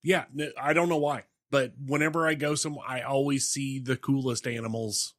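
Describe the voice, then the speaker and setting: A man's voice: mid-range voice, fairly even intonation, a little fast, a bit bright, no echo, studio quality. A man with an Oklahoman accent co-hosting a podcast, telling laid-back stories in casual banter. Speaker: co-host.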